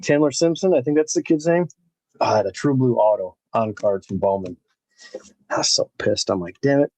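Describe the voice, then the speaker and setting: A man's voice: on the low side, normal speed, darkish tone, no echo, poor audio. A man hosting a live baseball card break, rambling casually and talking to viewers by name as he opens packs. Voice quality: gravelly, husky. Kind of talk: casual live-stream chat while opening packs.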